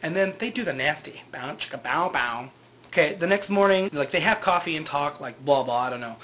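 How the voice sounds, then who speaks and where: A man's voice: on the high side, quick pace. A man casually recapping a TV episode in a loose, rambling way, full of "like" and "you know". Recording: dull lo-fi with faint hiss.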